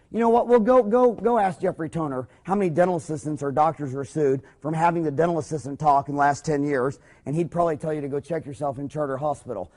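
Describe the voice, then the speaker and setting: A man giving a lively dental seminar who tells stories, acts out their dialogue, and makes blunt jokes. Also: fairly high pitch, quick pace, few pauses. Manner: blunt, joking, animated storyteller. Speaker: dentist lecturer. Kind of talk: lively seminar lecture with acted-out anecdotes.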